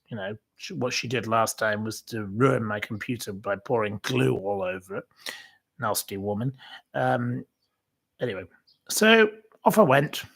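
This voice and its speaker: A man's voice: medium pitch, gravelly, fairly bright tone. A man hosting his own channel, chatting casually to viewers and telling a rambling anecdote full of fillers and restarts. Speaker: channel host. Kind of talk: casual livestream chat.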